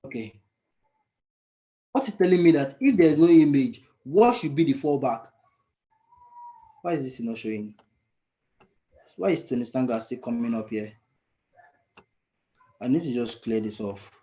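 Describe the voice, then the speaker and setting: A man mentoring frontend coders in a live screen-share lesson, thinking aloud and often pausing to search for the right word. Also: medium pitch, expressive, warm tone, lo-fi sound.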